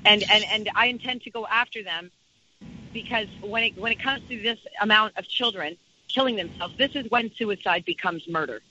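A woman's voice: medium pitch, normal speed, pushed and bright, highs cut off, slight background noise. A woman speaking as a campaign organizer, talking with passion and emphasis and repeating her key phrases. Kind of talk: impassioned interview talk.

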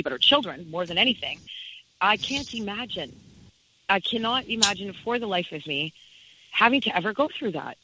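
A woman's voice: medium pitch, pushed and bright, muffled recording. A woman speaking as a campaign organizer, talking with passion and emphasis and repeating her key phrases. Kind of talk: impassioned interview talk.

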